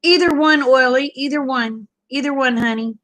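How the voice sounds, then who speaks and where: A woman's voice: high-pitched, moderate pace, fairly bright tone, poor audio. Folksy woman chatting on a livestream. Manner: chatty, folksy, laughs often. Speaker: livestream host. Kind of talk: casual livestream chat with viewers.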